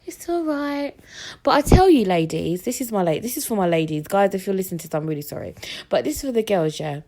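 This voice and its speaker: A young woman hosts her podcast and tells stories casually. She is animated and slips into the voices of the people she quotes. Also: on the low side. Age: young adult. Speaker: podcast host. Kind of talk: casual storytelling.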